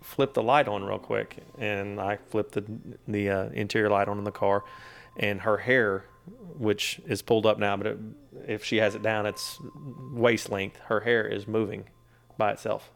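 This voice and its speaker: Low, flat-voiced man telling a story. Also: moderate pace, creaky. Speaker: guest telling a ghost story. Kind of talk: casual storytelling.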